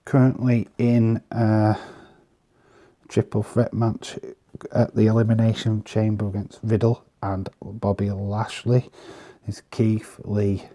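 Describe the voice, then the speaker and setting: A man casually commenting on trading cards in an easygoing, chatty way, pausing often with fillers. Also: on the low side, level tone, mellow. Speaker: vlogger showing trading cards.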